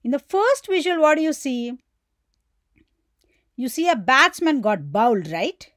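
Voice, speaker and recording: A woman teacher gives a grammar lesson in a high, animated voice, speaking slowly, posing questions and answering them herself. She acts out the example exclamations as she goes. The recording is close and dry, with no echo.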